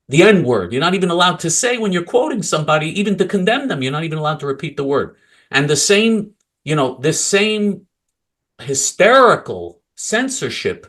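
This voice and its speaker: Ranting man with a fairly high voice. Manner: angry, mocking, swings from loud outbursts to low mutters. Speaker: political commentator. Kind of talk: ranting political talk.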